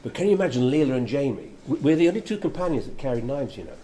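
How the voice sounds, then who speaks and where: An older actor telling anecdotes in a chatty interview, laughing often. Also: male voice, medium pitch, big pitch swings, very fast, warm tone, slight background noise.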